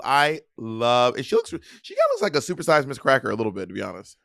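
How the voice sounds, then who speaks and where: Animated, profane man chatting. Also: medium pitch, quick pace, creaky, no room sound, studio quality. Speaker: co-host. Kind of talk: casual chat. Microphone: desk mic at a computer, streaming live.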